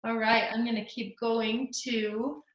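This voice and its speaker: A woman's voice: on the high side, little pitch movement, a little slow, a crowd in the background. A woman teaching a live online art class to children over a video call, full of gushing, encouraging praise. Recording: echoey room.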